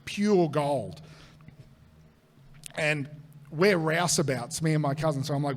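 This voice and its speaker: Australian male comic, slightly high voice, animated live storyteller who swears freely and acts out quotes. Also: slow pace, long pauses. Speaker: comedian guest.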